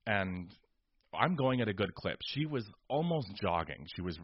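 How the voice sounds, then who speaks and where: Male podcast co-host, low-ish, exasperated storyteller; dry, dull recording. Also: sing-song, normal speed, no echo. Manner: exasperated, ranting. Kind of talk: casual storytelling chat.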